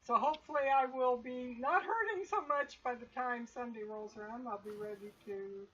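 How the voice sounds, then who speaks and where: A woman's voice: on the high side, moderate pace, slightly rough. Woman game master, lo-fi stream audio. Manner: relaxed, rambling narration with many fillers. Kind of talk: narrating a tabletop game stream. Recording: dull lo-fi stream audio with faint hiss.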